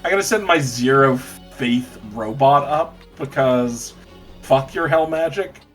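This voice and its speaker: A man's voice: mid-range voice, unhurried, a bit bright, soft background music. A man co-hosting a let's play, casual, profane and joking as he plays. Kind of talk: casual gameplay commentary.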